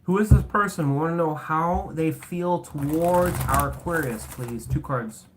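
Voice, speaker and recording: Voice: mid-range voice, a little slow, noisy background. A tarot reader doing a casual reading to camera, blunt and sarcastic, rambling and correcting themself, with casual swearing. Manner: rambling, self-correcting talk.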